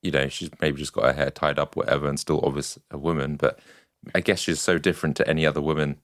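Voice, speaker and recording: A man's voice: rumbling low, level tone, fast talker, dry recording, clean studio sound. A man co-hosting a podcast, chatting casually, hesitant at times and playful. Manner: hesitant and playful, with trailing-off remarks. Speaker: podcast co-host. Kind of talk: casual chat.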